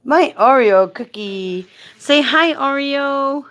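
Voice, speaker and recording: A woman's voice: high-pitched, expressive, slow, fairly bright tone. A woman hosting a casual live stream, coaxing and doting as she talks to a man beside her.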